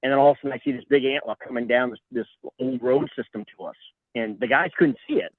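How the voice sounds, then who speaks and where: A middle-aged man, a podcast guest, telling a story in a lively way and acting out what people said. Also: medium pitch, fast talker, dry recording. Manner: animated, acts out quoted voices. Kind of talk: casual storytelling. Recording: tinny phone-like line, dry.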